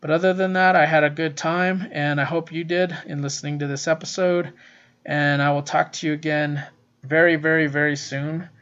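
A man's voice: fairly high pitch, little pitch movement, moderate pace, fairly bright tone. A man hosting a casual solo podcast, gushing and swearing freely as he reviews comics, recorded on a laptop's built-in mic. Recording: roomy, distant, dull laptop-mic recording.

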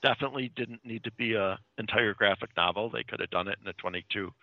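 Low-voiced man rambling through a recap, phone-like. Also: quick pace, no echo. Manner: rambling, loosely strung retelling. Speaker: comic book reviewer. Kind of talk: casual spoken plot recap. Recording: tinny phone-like line, dry.

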